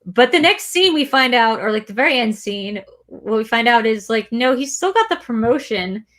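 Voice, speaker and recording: A woman's voice: fairly high pitch, lively intonation, normal speed, a bit bright. A woman co-hosting a movie discussion show, rambling in a casual, profane way with lots of filler words. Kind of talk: casual film discussion chat.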